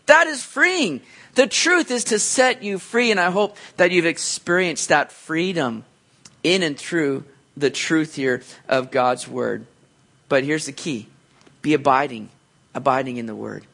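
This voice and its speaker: A man preaching a sermon as a pastor, in a conversational, animated way with many asides, often leaping up to act out reactions. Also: unhurried, gravelly. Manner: animated, jumps into high voices to act out reactions.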